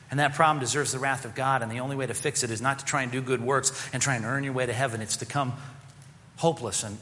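A man preaching a sermon as pastor, animated and sarcastic, acting out the voices he quotes. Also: on the high side, long reverb tail.

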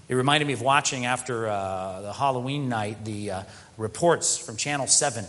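A man preaching a sermon as pastor, animated, often slipping into mock quoted voices. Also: mid-range voice, moderate pace. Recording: long hall reverb.

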